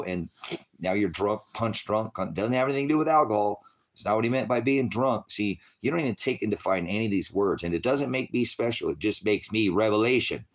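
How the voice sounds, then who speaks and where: A middle-aged man preaching an unscripted sermon in a confrontational, scolding way, with profanity. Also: on the low side.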